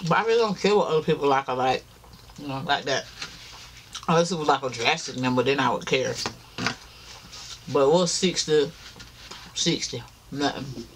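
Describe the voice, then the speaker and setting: In a mid-range voice at normal speed, pausing often, a weary mukbang vlogger chats with viewers as y'all while chewing between lines. A little hiss or hum sits under the recording.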